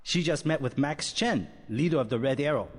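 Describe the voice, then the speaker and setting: A man's voice: on the high side, expressive, normal speed. A man voicing a wary male street informant in video game dialogue, giving guarded warnings. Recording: reverberant game audio with music.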